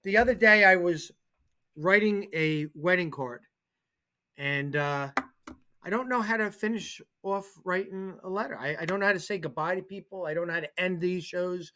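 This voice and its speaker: Excitable rambling man, bright voice. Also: high voice, moderate pace. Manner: rambling, self-deprecating, excitable storytelling. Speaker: co-host and football coach. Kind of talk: casual sports talk show chat.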